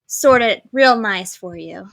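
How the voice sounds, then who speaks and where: A woman's voice: medium pitch, lively intonation, takes it slowly, vocal fry, a bit bright, exaggerated voice. A woman voicing a mysterious, smug robotic voice that calls down from above in a tabletop game. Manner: smug, teasing.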